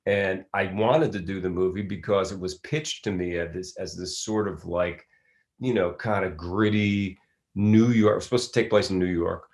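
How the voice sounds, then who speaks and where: A man's voice: deep voice, steady tone, moderate pace, darkish tone. A middle-aged man from Philadelphia, an actor giving a casual interview, rambling through stories with many restarts. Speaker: actor guest.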